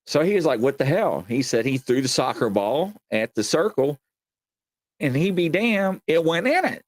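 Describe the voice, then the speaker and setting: A man hosting a live show, telling a strange tale in a casual, animated way with lots of fillers and acted-out voices. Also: on the high side, moderate pace, no room sound. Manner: animated storyteller, acts out quoted voices, many fillers. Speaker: show host. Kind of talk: casual live-stream storytelling.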